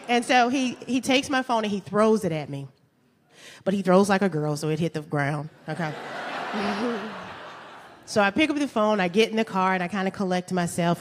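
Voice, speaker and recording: An animated woman, spinning a comic personal story for a live audience. She laughs through her lines, and her voice carries a long hall reverb around it. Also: fairly low pitch.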